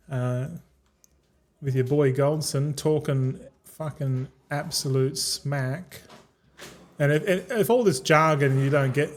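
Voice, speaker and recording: Aussie streamer guy, kinda high voice, swears a ton and rants on and on. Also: darkish tone. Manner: rambling, profane, fired-up ranting. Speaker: game streamer. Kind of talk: casual stream chat.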